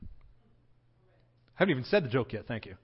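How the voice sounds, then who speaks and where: A male pastor gives a church sermon in a light, joking, conversational manner. His voice sits at a middle pitch, and the recording sounds dull and lo-fi. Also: big pitch swings, unhurried, breathy edge.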